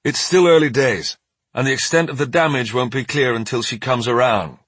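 A man voicing a steady, careful hospital doctor in an audiobook. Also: mid-range voice, moderate pace, dry recording, close to an everyday voice. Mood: calm. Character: calm, measured male hospital doctor.

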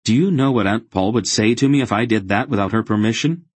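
A man voicing an earnest young man who speaks quietly and stubbornly. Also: lowish voice, fast, breathy edge, no room sound, voice pushed up. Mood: exasperated.

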